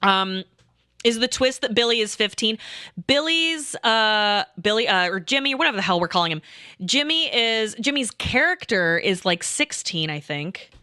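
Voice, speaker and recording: A woman tells a story on her stream, wandering off into asides and swearing freely. Her voice sits a little high and sounds bright and forceful. The sound is dry and close, with no room echo. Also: animated, moderate pace, smooth. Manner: rambling, profane, with lots of asides. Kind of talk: casual storytelling.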